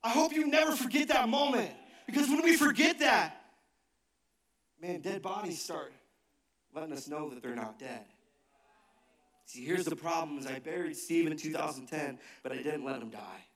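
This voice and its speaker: A man's voice: normal speed, pauses often. Man preaching in an echoey church hall. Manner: swings from shouted emphasis to hushed low asides. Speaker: pastor. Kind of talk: sermon. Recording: echoey hall, mic from a distance.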